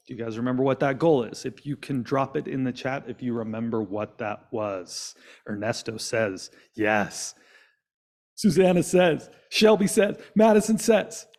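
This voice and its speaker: A man leading a coaching session on a video call, lively and quizzing his audience. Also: medium pitch, normal speed. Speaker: business coach.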